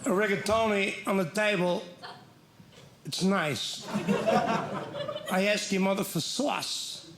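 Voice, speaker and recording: A man with a fairly high voice tells wry, mock-exasperated stories on a comedy club stage. His handheld mic picks up the room's echo, and loud crowd noise sits behind him. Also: fairly even intonation, normal speed, hardly any pauses. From Ireland. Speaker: stand-up comedian. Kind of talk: stand-up comedy set.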